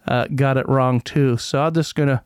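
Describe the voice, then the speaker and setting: A man's voice: mid-range voice, steady tone, moderate pace, clean tone, no echo. Guy rambling on his own podcast, snarky, trips over the reading, clean dry sound. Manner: rambling, sarcastic, stumbles over words while reading. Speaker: podcast host. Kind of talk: casual solo podcast, reading a news article.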